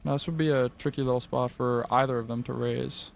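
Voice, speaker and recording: Man, gravelly voice, flat delivery, analytical poker commentary. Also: medium pitch. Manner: analytical, measured, with filler "um"s. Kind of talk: expert color commentary.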